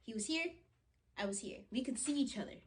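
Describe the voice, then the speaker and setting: A young woman vlogger chatting to the camera while getting ready, retelling a story in an animated, dramatic way with lots of "like"s. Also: fairly high pitch, brisk, slightly rough.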